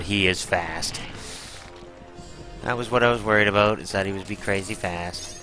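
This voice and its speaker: A man's voice: low voice, moderate pace, pauses often, sharp tone, soft background music, low-quality recording. Man swearing through gameplay commentary. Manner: exclaims, groans and swears while fighting a boss. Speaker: gaming channel host.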